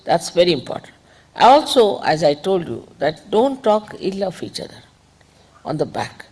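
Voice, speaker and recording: A woman giving an informal spiritual talk, conversational and digressive, gently admonishing her listeners. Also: medium pitch, very animated, normal speed, slightly rough, rough recording. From India. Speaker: spiritual teacher.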